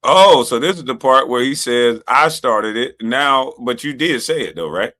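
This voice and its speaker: A man's voice: medium pitch, expressive, moderate pace, pushed and bright. A man streaming commentary on video clips, taunting and dismissive. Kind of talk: casual reaction commentary.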